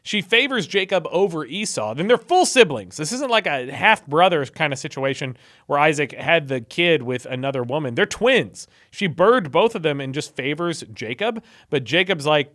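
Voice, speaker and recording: Bright-voiced young man joking through a retelling. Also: on the high side. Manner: casual, irreverent, full of "like" fillers. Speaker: online video host. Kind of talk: comedic retelling of a story.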